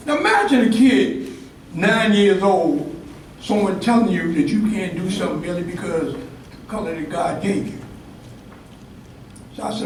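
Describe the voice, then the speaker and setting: An older man from Harlem tells a story in a speech, lively and acting out each character. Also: sits high, moderate pace, slight background noise. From Harlem, New York. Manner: animated storyteller, acts out quotes. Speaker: ceremony speaker. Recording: echoey hall from far off, faint ambience.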